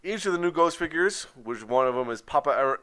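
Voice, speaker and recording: A man's voice: on the high side, animated, quick pace, a bit bright, clear, resonant tone. A man co-hosting a music podcast, chatting casually and reading out news items. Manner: reads news items aloud, laughs easily. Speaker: podcast co-host. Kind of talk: casual chat.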